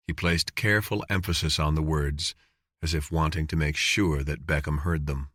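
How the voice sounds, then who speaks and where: A man narrating an audiobook in an even, measured reading. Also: low-pitched, no echo, clean studio sound. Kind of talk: scripted narration.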